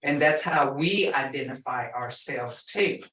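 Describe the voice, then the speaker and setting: An older woman from the Muscogee Nation teaching a casual language class, slow and patient, repeating words for learners. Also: rumbling low, fairly bright tone, roomy sound, far from the mic, poor audio. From Muscogee (Creek) Nation, Oklahoma.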